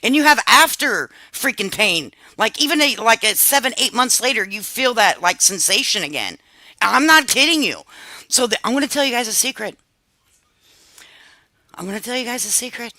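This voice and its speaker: A woman in her fifties hosting a live stream, chatting casually with her viewers in an animated, confiding way and swearing freely. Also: fairly high pitch, normal speed, no room sound. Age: 50s.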